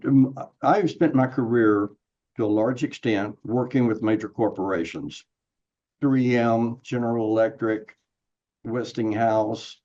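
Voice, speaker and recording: Measured older man, mellow muffled voice. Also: mid-range voice. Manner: measured, thoughtful explaining. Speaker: guest expert, management consultant.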